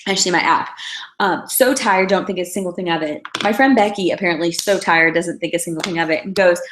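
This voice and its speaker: A woman's voice: fairly low pitch, fast, background noise. A young woman giving a casual motivational talk as a team leader, telling stories in a chatty way with many fillers. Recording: roomy echo.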